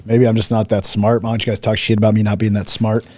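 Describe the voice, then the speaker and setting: A man's voice: on the low side, completely flat delivery, quick pace, a little mellow, dry recording. A man co-hosting a casual chat, mocking commenters in a cocky way and swearing freely. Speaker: podcast co-host.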